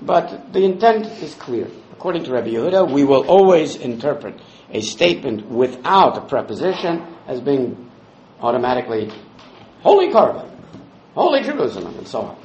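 A man's voice: medium pitch, a little mellow, roomy sound, muffled recording. A man leading a Talmud study class, explaining the text step by step and quoting Hebrew and Aramaic phrases. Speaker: Talmud teacher.

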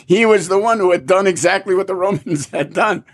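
A man teaching a Talmud story in a lively storytelling way, acting out the characters' lines. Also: high voice, a little fast. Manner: animated, acts out characters' lines. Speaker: Torah teacher.

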